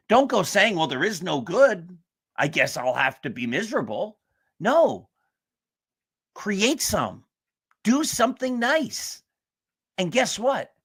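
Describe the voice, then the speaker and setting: A sports talk show host speaks in an earnest, emphatic, motivational way. His voice sits high with a fairly bright tone.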